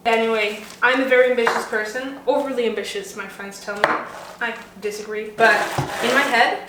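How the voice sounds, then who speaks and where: Girl baking n rambling, jokey, kinda high voice, noisy roomy kitchen. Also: steady tone, moderate pace. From Sweden. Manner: rambling, playful and self-mocking. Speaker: home baking vlogger. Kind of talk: casual chat while cooking. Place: home kitchen. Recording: roomy kitchen with background noise.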